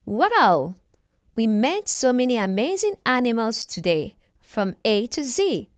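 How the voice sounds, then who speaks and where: A woman's voice: fairly high pitch, big pitch swings, measured pace, dry recording. A woman narrating an alphabet lesson for toddlers, prompting them to repeat each animal word. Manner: prompting listeners to repeat words. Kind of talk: slow scripted narration for toddlers.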